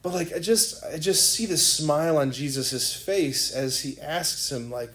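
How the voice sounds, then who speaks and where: A man's voice: on the high side, unhurried, hardly any pauses, fairly bright tone. A man preaching a sermon as a priest, telling a story in a casual, rambling way full of "like" and "right?". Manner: conversational storytelling, filler-heavy. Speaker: Catholic priest.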